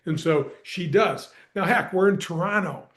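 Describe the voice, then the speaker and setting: Man, high-pitched voice, middle-aged, emphatic storyteller, podcast guest. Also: moderate pace, a bit bright. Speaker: podcast guest, former pro golfer and radio host. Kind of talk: animated storytelling in conversation.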